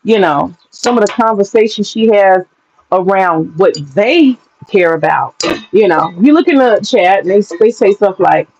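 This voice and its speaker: A woman gives her opinions in a loose, candid monologue, full of swearing and easy laughter. Her voice sits at a middling pitch. The sound is a little muffled and lo-fi. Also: lively intonation, a little slow, a little mellow. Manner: frank, profane, laughs often. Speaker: vlogger.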